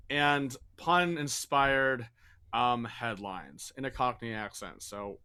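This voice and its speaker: Bright-voiced man leading an improv game. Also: mid-range voice, unhurried, clear, resonant tone. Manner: rambling, self-deprecating asides. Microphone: video call.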